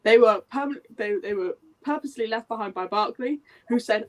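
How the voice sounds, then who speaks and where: A woman in a casual book club chat, retelling a plot with lively acted-out quotes. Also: a little high, a little fast.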